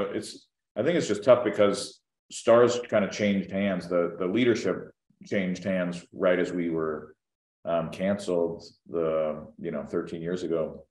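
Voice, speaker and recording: A man being interviewed as an actor, answering thoughtfully with many pauses and ums, and teasing now and then. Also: sits low, a little mellow. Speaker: actor guest. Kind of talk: casual press interview. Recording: roomy echo.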